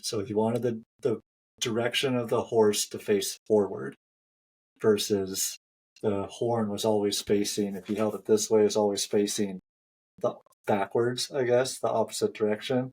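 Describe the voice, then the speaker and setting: A man's voice: on the low side, fairly even intonation, a little slow, darkish tone, slightly rough. A man hosting a running podcast, telling a story in a chatty way and laughing often. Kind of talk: casual chat.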